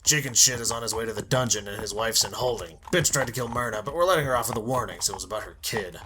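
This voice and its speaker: A rough-talking male pony soldier who swears freely and mocks his comrades, as a man acts him out. He talks fast with a bright, forceful edge, in an audio drama. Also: on the low side, a little hiss or hum. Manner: blunt, swearing, mocking. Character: crude, foul-mouthed pony soldier, male adult. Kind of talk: fan audio drama acting.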